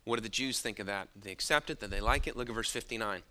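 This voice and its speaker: A man's voice: on the low side, fast talker, pushed and bright. A man preaching a sermon, emphatic and drawing out his key words.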